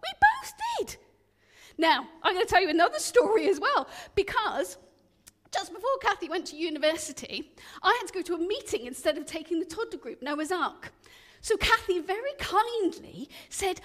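A woman telling stories in a sermon to a church congregation, chatty and lively, asking her listeners questions as she goes. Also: very high voice, normal speed. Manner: animated, chatty, asks the audience questions. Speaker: preacher leading an all-age church talk. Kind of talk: storytelling sermon. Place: church hall. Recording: long reverb of a church.

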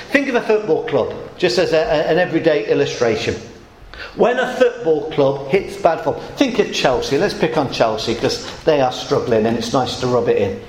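A male pastor delivers a sermon with a fairly high voice. He moves between earnest teaching and jokey storytelling, pushing his pitch up for emphasis. The sound is roomy and echoey, with a faint hiss behind him. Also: darkish tone. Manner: storytelling with jokes, rising emphasis. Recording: echoey room with faint noise.

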